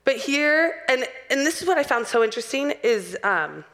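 A woman's voice: sits high, sing-song, moderate pace, fairly bright tone. A young adult woman preaching a sermon in an earnest, personal way and laughing lightly now and then.

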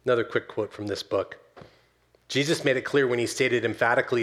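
Standing before his congregation in the sanctuary, a man with a mid-range voice delivers a sermon as their pastor. He moves between forceful, loud emphasis and quiet, unhurried closing words.

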